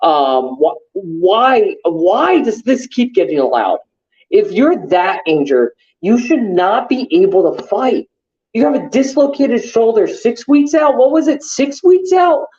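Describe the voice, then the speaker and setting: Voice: medium pitch, very animated, a little slow, a little mellow, lo-fi sound. A podcast co-host in casual sports chat, ranting heatedly with lots of swearing and fillers.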